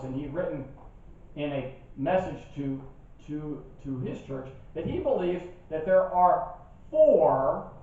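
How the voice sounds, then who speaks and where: An older man preaching a sermon as a pastor, telling stories with lively asides to his listeners. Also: fairly high pitch. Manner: animated storytelling with asides to the congregation. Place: church sanctuary. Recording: distant, dull church recording with heavy echo.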